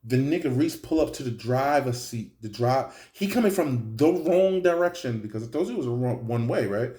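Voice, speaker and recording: A young man telling a story in a casual, animated way, full of slang and profanity, often checking in with "right?". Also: medium pitch, normal speed. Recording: roomy echo.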